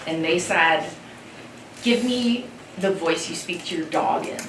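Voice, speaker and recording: A woman in the audience making a relaxed, conversational comment during a lecture discussion. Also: fairly low pitch, measured pace, a little hiss or hum. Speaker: audience member. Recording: echoey hall, far from mic.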